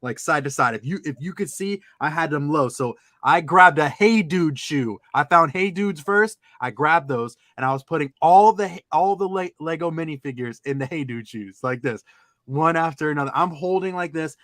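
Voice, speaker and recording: A man telling a story in casual chat, animated, acting out other people's lines in sudden high-pitched outbursts. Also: normal speed, dry recording. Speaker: podcast co-host.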